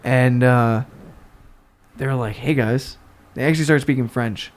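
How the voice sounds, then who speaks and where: A young man from the New York area, a guest on a podcast, tells a story in casual conversation. His voice is medium-pitched and his pace measured, and he's animated, swearing freely and doing voices for the people in the tale.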